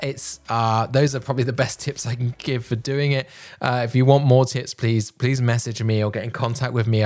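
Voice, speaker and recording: Man giving calm, projected speaking tips. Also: mid-range voice. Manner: projected, deliberate delivery with pauses. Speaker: public speaking coach. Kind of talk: instructional talk to camera. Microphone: headphones and a normal microphone.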